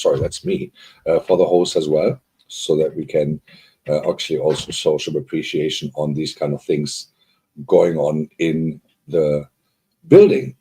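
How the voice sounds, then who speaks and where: A man's voice: low-pitched, mellow, slightly rough. A man co-hosting a live online party, chatting loosely with many fillers and greeting viewers as they arrive. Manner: rambling, filler-heavy, upbeat greeting of viewers. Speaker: co-host. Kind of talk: live-stream hosting chat.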